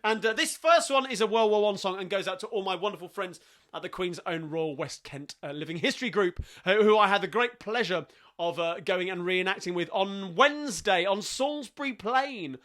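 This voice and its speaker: A man hosting a live-streamed sing-along, chatting cheerfully and quickly between songs. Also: high-pitched. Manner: chatty, cheerful, rapid asides. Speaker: sing-along host and pianist. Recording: live stream over loud piano. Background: piano music.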